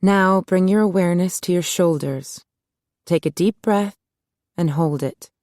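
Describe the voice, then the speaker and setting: A woman's voice: fairly low pitch, a little slow, darkish tone, no room sound, clean studio sound, close to an everyday voice. A woman voicing a spirited young heroine who teases and questions lightly in an audiobook. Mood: coaxing.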